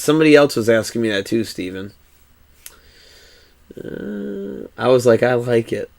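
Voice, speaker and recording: A man in his thirties streams a game while chatting casually, laid-back and rambling, swearing freely and laughing often. His voice is medium-pitched and gravelly, and the recording is dry.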